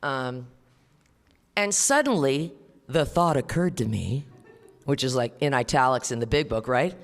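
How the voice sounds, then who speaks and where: A woman's voice: rumbling low, expressive, measured pace. Blunt, profane woman speaker in a hall. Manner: blunt, profane, conversational storytelling. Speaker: recovery meeting speaker. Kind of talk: personal testimony talk. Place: meeting hall before an audience. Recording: reverberant live hall.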